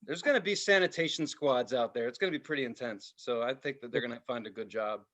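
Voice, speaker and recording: A man co-hosting a podcast in casual chat, telling profane, animated stories and mimicking voices. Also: medium pitch, fast talker. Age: adult with a child. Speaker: podcast co-host.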